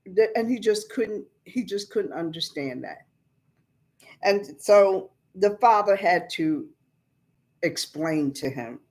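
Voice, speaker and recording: A woman's voice: mid-range voice, animated, slow pace, darkish tone. A woman preacher giving a conversational Bible lesson, explaining scripture in plain everyday words.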